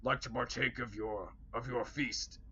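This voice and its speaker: A man's voice: mid-range voice, steady tone, measured pace, sharp tone, breathy edge. A man voicing a hungry, impatient male orc leader who speaks stiffly and formally. The recording is dull and lo-fi.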